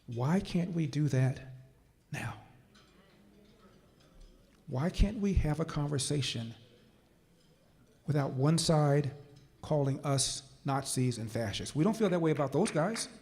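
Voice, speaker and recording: An older man speaking at a conference, telling a personal story that leads into a political speech, slowing down and dropping quiet for emphasis before rising to forceful points. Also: on the high side, animated, creaky. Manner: storyteller who slows down and drops quiet for emphasis, then rises to forceful points. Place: conference hall stage.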